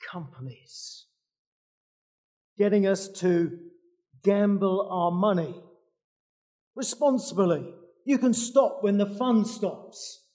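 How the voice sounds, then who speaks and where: Slow, mellow male preacher. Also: high voice. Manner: conversational, with dry asides and frequent fillers. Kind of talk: sermon.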